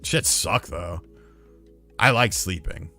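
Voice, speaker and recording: A man casually telling a profane story on a live stream, getting loud and heated when he retells a fight. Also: deep voice, takes it slowly, faint music behind. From lived in North Carolina.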